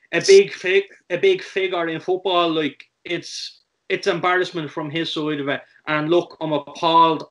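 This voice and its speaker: A man's voice: high-pitched, muffled recording. A man with an Irish accent co-hosting a football vlog, passionate and fuming, repeating himself. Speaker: vlog co-host. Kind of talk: casual football chat.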